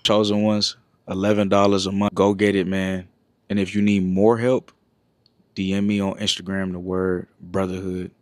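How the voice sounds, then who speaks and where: A man's voice: sits low, flat delivery, normal speed. A man hosting a motivational talk, speaking in a direct, preachy way. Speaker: host.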